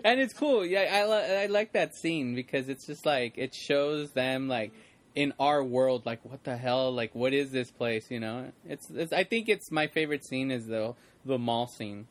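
A man's voice: mid-range voice, normal speed. A man in casual chat, rambling with many fillers and restarts. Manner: rambling, many fillers and restarts, quotes lines in put-on voices. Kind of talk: casual chat about a movie.

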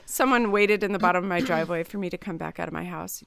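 A woman's voice: fairly low pitch, fast, vocal fry, few pauses. A woman, a mother in her thirties, chatting casually and acting out quoted lines as she tells stories. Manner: animated storyteller, acts out quotes. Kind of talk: casual chat.

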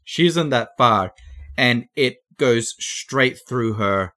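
A man narrating slowly and measuredly as game master of a tabletop game. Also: mid-range voice, lively intonation, sharp tone.

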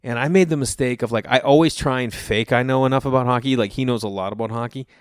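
A man from the Boston area telling rambling casual stories, jumping into animated voices for the people he quotes. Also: medium pitch, fast talker, clean tone, no echo, studio quality. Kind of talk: casual storytelling monologue.

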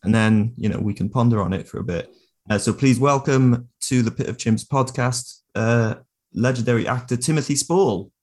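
A man co-hosting a comedy podcast with dry, deadpan banter. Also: medium pitch, moderate pace. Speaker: podcast co-host.

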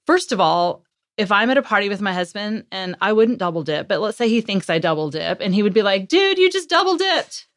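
A woman's voice: mid-range voice, brisk, no room sound, studio quality. A woman guest, a parenting author, explaining in conversation with earnest energy and frequent self-corrections. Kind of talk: conversational interview.

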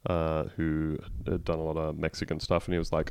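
A man's voice: extremely low pitch, monotone, brisk, gravelly, darkish tone, slight background noise. A man co-hosting a podcast, telling wry stories in casual comedic chat. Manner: dry, wry storytelling with laughs. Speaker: podcast co-host.

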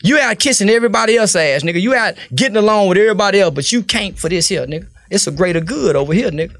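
A man talks in a blunt, profane street style, preaching his point. His voice sits high for a man and has a gravelly edge. The recording is close and dry. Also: expressive, racing, fairly bright tone, no echo. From Fort Worth, Texas. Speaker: interview guest. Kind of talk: casual interview talk.

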